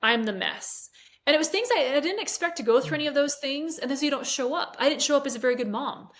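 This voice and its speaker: This woman in her forties has a high, slightly bright voice and speaks fast and animatedly. A fitness coach, she shares a personal story in an interview conversation, candidly, emotionally, and with hesitations.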